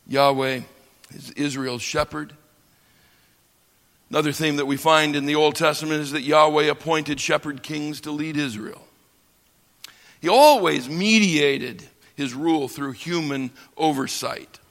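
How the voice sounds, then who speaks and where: A man from the United States teaching scripture in a bright, ringing voice that sits a little high. He speaks slowly and with weight, pausing for effect and building his lines up. The sound carries a long reverb from a large hall. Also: steady tone. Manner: slow, emphatic delivery with dramatic pauses and swells. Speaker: Bible teacher. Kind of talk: lecture on scripture.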